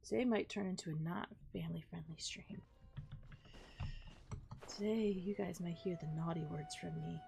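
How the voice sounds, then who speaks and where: A woman's voice: fairly low pitch, normal speed, creaky, pauses often, dark tone, faint music behind. A young woman streaming a video game, chatting casually and talking to her pets between plays. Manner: chatty, talks to her pets in baby talk. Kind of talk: casual live-stream chat while gaming.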